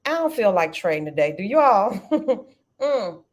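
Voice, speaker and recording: Middle-aged woman running a trading livestream, chatty and animated, keeps saying y'all, mid-pitched voice. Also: unhurried. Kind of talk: casual live-stream chat.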